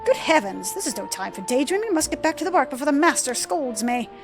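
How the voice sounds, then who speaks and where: A fussy young female servant from a fantasy game, voiced by a woman reading aloud. She sounds flustered and hurried. Soft music hums behind her. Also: sits high, sing-song.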